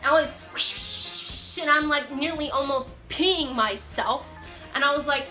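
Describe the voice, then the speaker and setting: A young woman telling a storytime vlog in an animated, excitable, self-mocking way. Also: high voice, normal speed, reverberant, soft background music. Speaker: vlogger.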